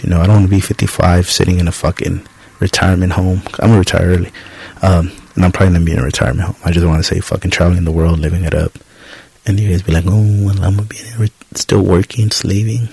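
A man's voice: low voice, creaky, a little mellow, breathy edge, no echo. A young man hosting his own podcast, talking casually in a profane, rambling, self-deprecating way. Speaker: podcast host. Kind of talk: casual solo podcast monologue.

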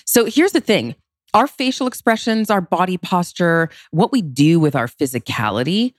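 Low-voiced expressive woman, dry sound. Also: moderate pace, dry recording. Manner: expressive, emphatic with big pitch leaps. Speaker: relationship consultant. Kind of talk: podcast interview.

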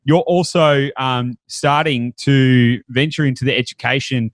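A man's voice: mid-range voice, steady tone, measured pace, no room sound. A man hosting a podcast, chatting upbeat with fillers and restarts. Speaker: podcast host. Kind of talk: casual podcast chat.

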